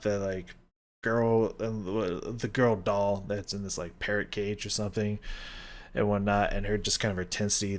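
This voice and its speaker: A man's voice: fairly low pitch, fairly bright tone. A man hosting a music reaction, talking loosely with lots of fillers and humming out rhythms as he explains them. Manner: rambling, filler-heavy, scats rhythms aloud. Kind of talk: casual music commentary.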